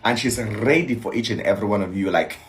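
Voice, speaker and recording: A woman giving an animated, emphatic reaction in a casual online clip. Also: very deep voice, fast. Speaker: online commentator.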